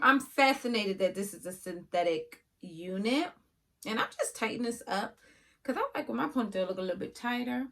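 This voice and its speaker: A woman casually reviewing a wig for her viewers, chatty and often yelling with excitement. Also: medium pitch. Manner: chatty, addresses viewers as y'all.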